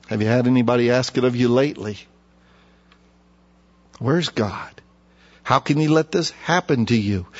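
Male pastor, folksy sermon delivery with dramatic pauses; dull recording in a reverberant church. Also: mid-range voice. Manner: folksy preaching, slows for emphasis, acts out mockers. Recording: dull sound with long reverb.

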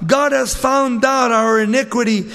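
A preacher voicing a humbled pleading brother. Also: male voice, extremely high pitch, fairly even intonation, measured pace, pitched above the performer's own voice, full character voice. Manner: soft, submissive pleading. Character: humbled male brother pleading before a ruler. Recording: long reverb.

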